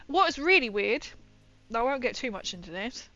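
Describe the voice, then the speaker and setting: Bright, chatty woman streamer. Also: a little high, very animated, a little fast, highs cut off. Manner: chatty, rambling, laughs often. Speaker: livestreamer. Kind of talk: casual chat while building a model.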